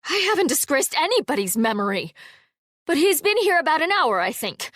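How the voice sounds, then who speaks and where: A woman's voice: high-pitched, big pitch swings, brisk, a bit bright, dry recording, clean studio sound, pitched above the performer's own voice. A woman reading an audiobook and voicing a frank, wry young housekeeper heroine.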